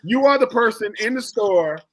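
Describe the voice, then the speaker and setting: A man co-hosting a casual sports podcast, talking in an animated, joking way and acting out the people he quotes. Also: high-pitched, normal speed, poor audio. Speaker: podcast co-host.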